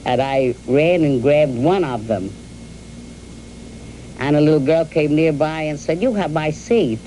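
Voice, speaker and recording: An older woman from New York telling the story of her youth and marriage to her husband, in a halting storytelling way with repeated words and fillers. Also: low-pitched, mellow, a little hiss or hum, low-quality recording. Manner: addresses her husband directly. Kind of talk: reminiscing in an archival interview.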